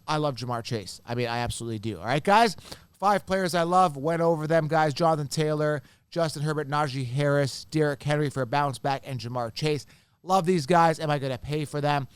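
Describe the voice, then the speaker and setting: A man with a smooth, clear, fairly high voice gives solo fantasy football commentary. He talks in an animated, conversational way, circling back to his points and addressing listeners as guys. The sound is dry and close. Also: fairly quick, dry recording. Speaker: fantasy football podcast host.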